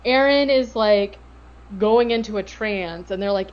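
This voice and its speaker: A woman co-hosting a podcast, recapping a show in casual chat with profane, sarcastic, animated retelling. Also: mid-range voice, normal speed, muffled recording, slight background noise. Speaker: podcast co-host.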